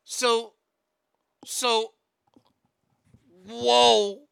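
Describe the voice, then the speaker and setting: A man's voice: very high-pitched, little pitch movement, extremely slow, gravelly, fairly bright tone, smooth, dry recording. A man hosting a casual comedic chat, wisecracking about odd news stories. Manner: wisecracking, drifting into mocking bits.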